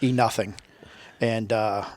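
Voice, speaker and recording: A man's voice: on the low side, steady tone, slow pace, a little mellow, dry recording. A man telling a long, profane story in a casual interview, acting out the people he quotes. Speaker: podcast guest, retired Navy SEAL.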